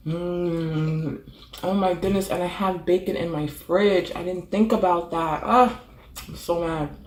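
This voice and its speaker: A woman's voice: on the low side, steady tone, measured pace, darkish tone, echoey room, slight background noise. A woman chatting casually while eating in a mukbang vlog, savoring each bite with frequent hums of approval. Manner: chatty, savoring with frequent mm sounds between bites. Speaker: food vlogger.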